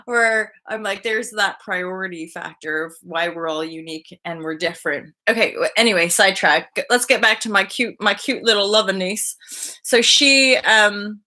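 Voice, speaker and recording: A woman in her thirties talks loosely to her viewers on a live spiritual update. Her voice is bright and forward, and she rambles and sidetracks. She keeps jumping up into high, gushing voices. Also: normal speed. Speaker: spiritual vlogger hosting a live energy update. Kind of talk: rambling casual live chat.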